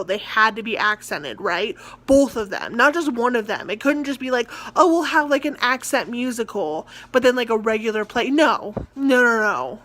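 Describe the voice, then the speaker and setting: Young American woman, theatre-student vlogger, slightly high-pitched, loose rambling rant. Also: fairly bright tone. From United States. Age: young adult. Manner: rambling, ranting, heavy on filler words. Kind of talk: casual vlog chat.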